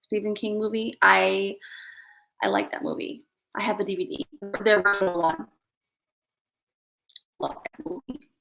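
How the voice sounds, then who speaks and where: Bright-voiced chatty woman streaming. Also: medium pitch, moderate pace, gravelly, poor audio. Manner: rambling, chatty, self-deprecating. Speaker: live streamer. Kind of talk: casual chat to viewers.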